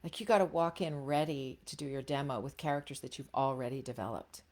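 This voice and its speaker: A woman's voice: rumbling low, a little fast, darkish tone. A middle-aged woman coaching voice actors in a casual, frank teaching talk, chatty with many fillers and restarts.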